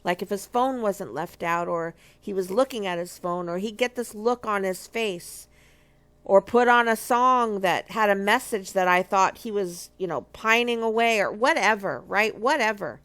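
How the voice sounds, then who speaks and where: A middle-aged woman from a marriage ministry shares a personal testimony as teaching, her voice medium-pitched, a bit bright, and at normal speed. She's earnest and emphatic, repeating key phrases for weight.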